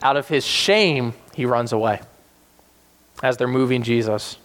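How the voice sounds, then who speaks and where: A man preaching a sermon, retelling scripture with animated acted-out voices for the people in the story. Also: a little slow. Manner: animated, acts out quoted characters with sudden high-pitched voices. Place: South Jersey church.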